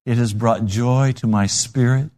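A man's voice: mid-range voice, unhurried. A man preaching a sermon, telling stories and acting out the voices in them. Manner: animated storytelling with acted-out voices.

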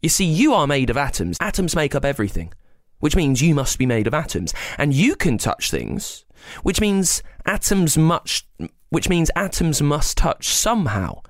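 A man with a slightly gravelly voice explains science to children in a playful, chatty way, often asking the listener questions. His pitch swings up and down with lots of life. The recording is dry and close, with no room sound. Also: sing-song, normal speed, dry recording. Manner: playful, talks straight to young listeners. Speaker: host of a children's science podcast.

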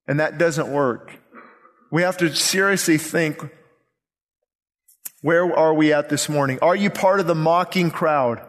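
Pastor, male, high voice, urgent and impassioned, repeats his points; long church reverb. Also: normal speed, a bit bright. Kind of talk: sermon. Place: church sanctuary.

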